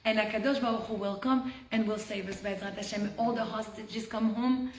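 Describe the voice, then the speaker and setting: A woman teaching a Torah lesson on a video call. She tells the story with animated energy and drops to a hush when the tension rises. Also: medium pitch, moderate pace, slight background noise. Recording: roomy echo.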